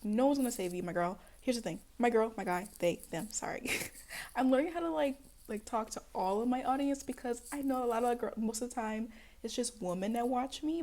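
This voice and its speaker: Sassy, blunt young woman with a high voice. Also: normal speed, dark tone. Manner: sassy, blunt and playful, with swearing and laughter; acts out other people's voices in jumps of pitch. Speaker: spiritual self-help vlogger. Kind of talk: casual direct-to-camera pep talk.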